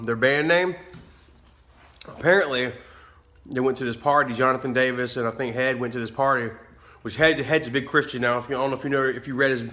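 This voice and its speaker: A man's voice: medium pitch, sharp tone. A man, vlogging casually, telling rambling stories, laughing often and swearing freely. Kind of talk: casual vlog storytelling.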